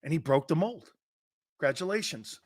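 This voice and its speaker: A man's voice: a little high, lively intonation, normal speed, husky. A middle-aged man hosting a sports talk show, a brash, laughing trash-talker telling stories.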